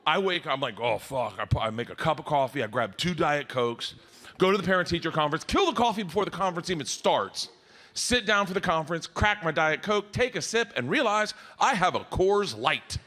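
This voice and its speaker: A man's voice: fairly high pitch, lively intonation, fairly quick, bright, forceful tone. A middle-aged man doing rowdy, profane stand-up storytelling on a comedy stage.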